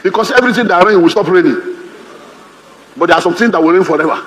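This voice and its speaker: A man with a Nigerian accent preaching a sermon as pastor, humorous and lively, mimicking other people's voices. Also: high-pitched, quick pace. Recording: reverberant hall, faint ambience.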